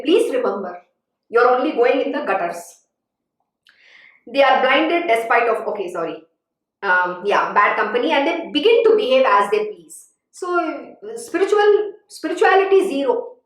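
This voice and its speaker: High-voiced woman preaching in echo. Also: fairly bright tone. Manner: emphatic, admonishing, repeats warnings. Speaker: spiritual teacher. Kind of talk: sermon-style scripture exposition. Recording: very echoey room.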